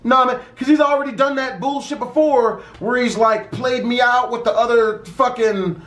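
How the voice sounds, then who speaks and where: A young man casually telling a story about a friend, with profane street slang and an animated delivery. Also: very high voice, normal speed. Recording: roomy echo.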